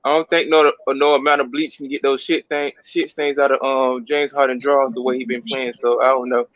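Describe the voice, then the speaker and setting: A man's voice: medium pitch, level tone, fairly quick, fairly bright tone, dry recording, muffled recording. A man on a casual sports panel cracking crude jokes. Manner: jokey, crude wisecracks.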